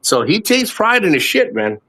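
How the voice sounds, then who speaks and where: A man's voice: high voice, very animated, normal speed, pushed and bright. A man in his fifties from the United States, a guest on a casual live chat, talks in a rambling, profane way and often repeats himself. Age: 50s.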